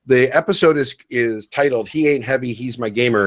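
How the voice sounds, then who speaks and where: A man's voice: medium pitch, a little fast. A middle-aged man hosting a casual game podcast panel, joking and upbeat as he introduces guests. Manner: jokey, upbeat, playful emcee. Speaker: podcast host.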